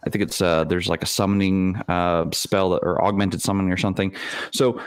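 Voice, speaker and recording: A man on a podcast panel, explaining his game-running tactics in a casual, animated way with frequent restarts. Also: sits low, brisk, clean tone, no room sound. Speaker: dungeon master panelist.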